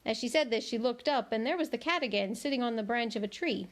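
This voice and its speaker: A woman's voice: a little high, fairly quick, few pauses. Woman reading a children's book aloud. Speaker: read-aloud host. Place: at home.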